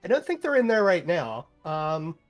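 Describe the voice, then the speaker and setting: A woman's voice: on the low side, very animated, normal speed, faint music behind. A woman playing her character in a tabletop game, talking in a rambling, playful way full of fillers. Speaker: player. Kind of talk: in-character tabletop role-play.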